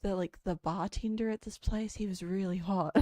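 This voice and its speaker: A woman's voice: medium pitch, fairly even intonation, normal speed, dark tone, dry recording, studio quality. A woman, chatting casually on a livestream in a rambling way, full of filler words. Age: late 20s. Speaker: VTuber streamer. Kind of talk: casual chat stream.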